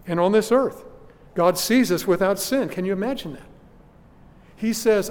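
A man's voice: high voice, normal speed, long pauses, big-room sound. A man preaching a sermon to his congregation, earnest and questioning his listeners. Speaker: pastor.

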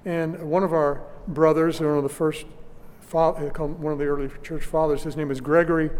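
A man preaching a sermon, teaching church history deliberately with frequent restarts, recorded in a church hall. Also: a little high, darkish tone. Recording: long hall reverb.

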